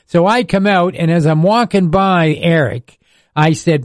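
A man's voice: a little high, measured pace, no room sound, studio quality. An older man, a radio sports broadcaster telling rambling stories in casual chat, chuckling often.

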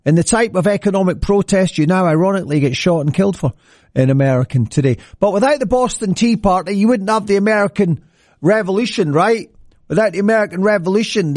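A man hosts a morning radio show in loose, joking patter that keeps slipping into silly voices. His voice sits a little high. The studio mic sounds close and completely dry. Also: brisk, a little mellow, no echo. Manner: jokey, chatty, slips into silly voices. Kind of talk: casual radio patter with traffic and comic history.

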